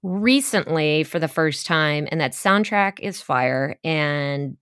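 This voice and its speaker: A woman's voice: low voice, animated, slow, a bit bright, smooth, no room sound, studio quality. A young woman co-hosting a podcast, chatting loosely and telling stories with lots of fillers. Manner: chatty storyteller with many fillers and laughs. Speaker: podcast co-host. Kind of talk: casual chat.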